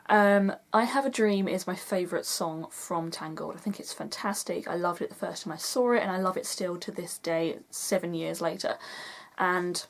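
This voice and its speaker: A young woman vlogging in a chatty, enthusiastic way, gushing as she counts down a list. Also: lowish voice. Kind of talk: casual vlog countdown.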